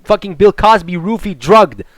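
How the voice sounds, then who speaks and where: A young man rants about a fight in a loose, profane and excitable way, jumping between thoughts. His voice sits a little high. The sound is dry and close, with no room echo. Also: moderate pace. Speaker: MMA commentator. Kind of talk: ranting casual commentary.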